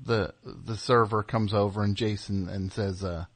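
A man's voice: on the low side, steady tone, moderate pace, creaky, few pauses. A man hosting a call-in comedy show, rambling and teasing with stammered restarts. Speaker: radio show host. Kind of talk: casual comedic chat.

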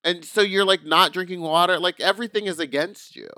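A man's voice: sits high, a little fast, sharp tone, smooth, no echo, studio quality. A man co-hosting a casual podcast chat, talking bluntly and pushing back in debate. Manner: blunt, argumentative, swears casually. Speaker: podcast co-host. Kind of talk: casual chat recapping a reality show.

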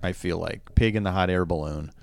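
A man co-hosting a podcast in relaxed, wry casual chat. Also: low voice, fairly quick, gravelly, no echo. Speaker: podcast co-host.

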